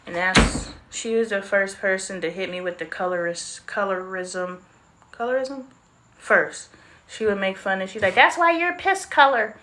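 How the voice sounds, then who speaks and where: A woman's voice: medium pitch, steady tone, unhurried, a bit bright, a little hiss or hum. A woman in her forties hosting a casual livestream, talking candidly and chattily about old photos. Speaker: livestream host. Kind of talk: casual live-stream chat.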